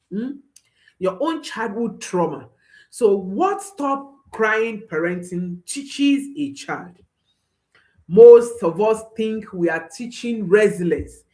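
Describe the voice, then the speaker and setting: Slow, lively-voiced woman parenting coach. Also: a little high. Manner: emphatic, repeats phrases, checks in with "hmm?". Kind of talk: advice talk to viewers.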